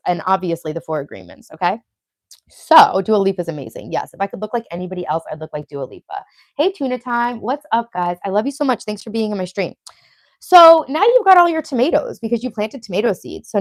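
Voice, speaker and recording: A woman's voice: on the low side, dry recording. A woman in her late thirties with a Long Island accent, hosting a casual live stream, chatty and profane as she reads out viewer comments. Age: 30s. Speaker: livestream host.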